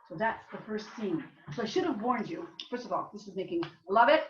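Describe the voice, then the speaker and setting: A woman's voice: medium pitch, expressive, a little fast, hardly any pauses. A woman playwright from Canada telling the story behind her play in a rambling, chatty way. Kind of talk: casual talk at a reading. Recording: distant roomy dull live recording.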